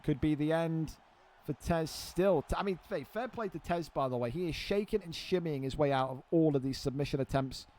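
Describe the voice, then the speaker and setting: Excitable man commentating a game fight. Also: on the high side, a little fast. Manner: excitable, swears freely, banters with friends. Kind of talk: live play-by-play game commentary.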